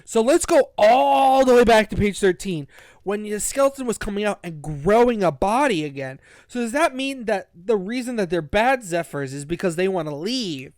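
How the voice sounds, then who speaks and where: A man hosting a casual book-review podcast, retelling the plot in an excited, rambling way. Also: high-pitched, normal speed, no echo, clean studio sound. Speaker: podcast host.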